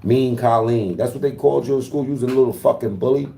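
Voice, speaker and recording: A man's voice: medium pitch, fast, gravelly, mellow, roomy sound. A man livestreaming in casual talk to his chat, taunting and profane as he trash-talks.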